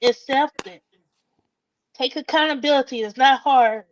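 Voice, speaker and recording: A woman's voice: high voice, unhurried, muffled recording, heavy background noise. A woman joining a casual gossip chat, agreeing in short bursts and lecturing when she talks longer.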